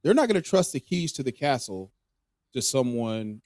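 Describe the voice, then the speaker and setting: A man co-hosting a live podcast stream, talking fantasy football in a casual, animated way, ranting and swearing freely. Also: medium pitch, normal speed, no echo, studio quality. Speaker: podcast co-host.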